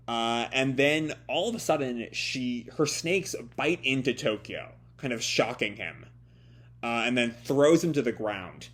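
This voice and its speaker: A man reacting live to a comic chapter in a loose, hesitant way, often stopping to restart his sentences. His pitch sits in the middle range for a man. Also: unhurried. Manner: hesitant, many fillers and restarts. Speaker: manga reviewer. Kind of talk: casual live reading commentary.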